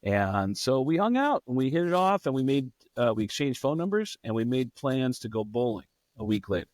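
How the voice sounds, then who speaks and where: A man telling a story on a podcast, at an ordinary pitch, swearing freely and slipping into the voices of the people he quotes. The sound is dry and close. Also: no room sound. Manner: profane, animated, quick to act out people. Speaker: guest comedian. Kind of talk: casual storytelling.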